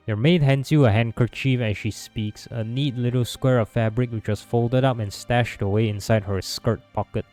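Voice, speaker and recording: A man reading visual novel narration aloud in steady second person, with small stumbles. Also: mid-range voice, measured pace, hardly any pauses, soft background music. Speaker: gameplay narrator.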